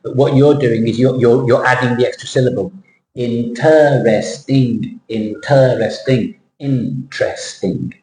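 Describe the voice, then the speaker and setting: A man teaching pronunciation, repeating words slowly for students to copy. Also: medium pitch, fairly even intonation, darkish tone. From England. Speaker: accent teacher. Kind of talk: pronunciation lesson. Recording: echoey room, faint noise.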